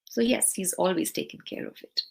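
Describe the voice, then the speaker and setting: Earnest woman, gravelly voice. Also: lowish voice, brisk, a little mellow. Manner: earnest, heartfelt, acts out quoted dialogue. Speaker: guest sharing devotee stories. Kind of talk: personal storytelling.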